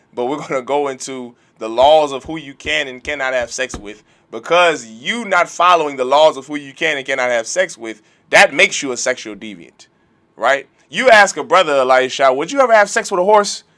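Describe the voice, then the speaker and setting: A man with a mid-range, bright voice teaches a religious law class in a forceful tone. He preaches emphatically and fires off rhetorical questions, giving it the feel of a lecture-style sermon.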